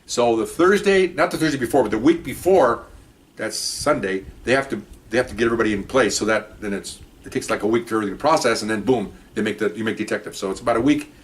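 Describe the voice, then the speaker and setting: A man, a former police detective, talks at a brisk clip as he tells stories from the job. His delivery is loose and conversational, with lots of restarts. He brings the people in his stories to life by acting out what they said. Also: lowish voice. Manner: rambling anecdotes with restarts; animated retelling of conversations. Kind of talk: casual spoken storytelling.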